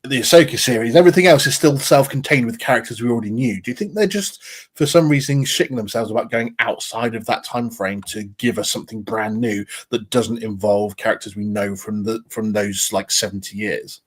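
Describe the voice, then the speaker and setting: A man's voice: fairly low pitch, a little fast, few pauses, breathy edge. A man hosting a podcast in casual chat, steering the talk with questions. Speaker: podcast host.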